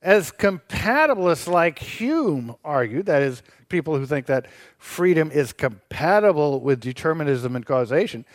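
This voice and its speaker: A man's voice: high-pitched, no echo, studio quality. A man co-hosting a radio show, debating philosophy with a sarcastic, teasing edge and laughing as he argues. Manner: laughs while arguing.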